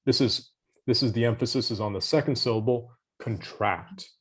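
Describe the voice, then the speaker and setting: A man's voice: mid-range voice, steady tone, quick pace. A man tutoring English vocabulary over a video call, patient and encouraging, giving hints and praise. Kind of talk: online vocabulary lesson.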